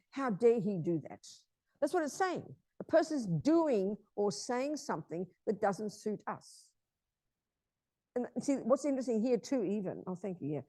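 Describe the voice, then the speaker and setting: A Buddhist nun giving an informal teaching talk, blunt and emphatic in a conversational way. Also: female voice, medium pitch, darkish tone, no room sound.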